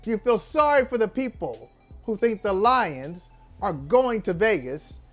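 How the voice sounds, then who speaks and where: A man's voice: high-pitched, sing-song, a little slow, faint music behind. A man co-hosting a casual sports talk show, teasing his co-host with rambling questions full of restarts.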